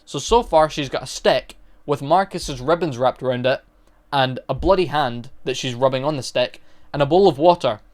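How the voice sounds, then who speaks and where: A man talks through a horror plot in a loose, chatty recap. He rambles along and stops to fix his own mistakes, in a steady mid-range voice. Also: mid-range voice, moderate pace. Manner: chatty, rambling, corrects himself as he goes. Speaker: movie reviewer. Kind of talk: casual spoken movie recap.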